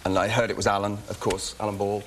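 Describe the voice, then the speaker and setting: A man with an English accent, a guest actor talking quickly and chattily on a talk show, with frequent restarts. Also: fairly low pitch, little pitch movement, background noise. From England. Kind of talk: casual talk show interview.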